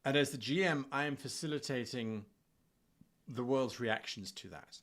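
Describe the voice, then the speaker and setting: A man hosting a casual chat about running games, telling stories in an animated way. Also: mid-range voice, normal speed. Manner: animated, laughing storyteller. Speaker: host.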